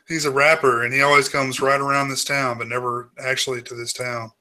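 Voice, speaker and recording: A man's voice: medium pitch, fairly even intonation, normal speed, pushed and bright. A man in casual podcast chat, adding wry short asides. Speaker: podcast co-host.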